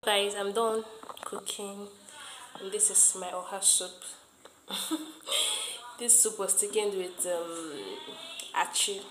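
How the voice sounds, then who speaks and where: A woman's voice: mid-range voice, fairly even intonation, slow pace, pauses often, reverberant, background noise. A young Nigerian woman with a Nigerian accent, chatting casually to her viewers in a home vlog and repeating her phrases. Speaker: vlogger. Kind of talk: casual vlog chat to camera.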